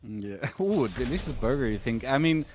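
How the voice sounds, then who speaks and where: Brief: man, mid pitch, laid-back co-caster, jokes, halting delivery. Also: very animated, darkish tone, slight background noise. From Belgium. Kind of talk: live game commentary.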